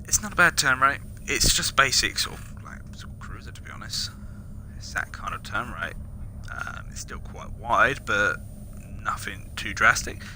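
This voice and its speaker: A man's voice: fairly low pitch, lively intonation, normal speed, whispered. A man reviewing a video game as he plays, chatting casually, muttering asides under his breath and throwing in playful exclamations. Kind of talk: casual gameplay commentary. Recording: noticeable background noise.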